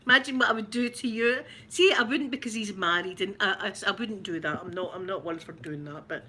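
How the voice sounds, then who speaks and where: A woman's voice: medium pitch, brisk, pushed and bright, a little hiss or hum. A middle-aged Scottish woman hosting a livestream, chatting in a rambling way and greeting viewers by name. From Scotland. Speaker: ASMR livestream host. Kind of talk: casual livestream chat.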